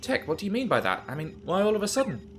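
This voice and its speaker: Young princess, man putting her on, high voice, anxious, pleading, lively. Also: quick pace, a little hiss or hum.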